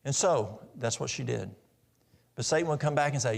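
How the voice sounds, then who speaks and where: A man's voice: medium pitch, very animated, fairly quick, creaky. A middle-aged man giving a practical, story-filled health talk at a church in a folksy manner. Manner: folksy, practical, tells stories.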